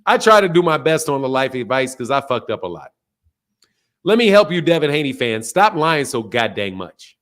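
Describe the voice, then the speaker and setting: A man hosting a boxing channel, delivering a loud, profane, fired-up rant in casual stream talk, laughing between points. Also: mid-range voice, sing-song, moderate pace.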